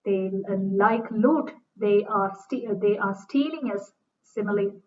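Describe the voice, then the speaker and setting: A woman's voice: mid-range voice, a little slow, a little mellow, slight background noise. Woman lecturing, heard from a distance. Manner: reads lines aloud then paraphrases, with fillers and restarts. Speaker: literature lecturer. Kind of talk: lecture reading and explaining a play. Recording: dull distant recording.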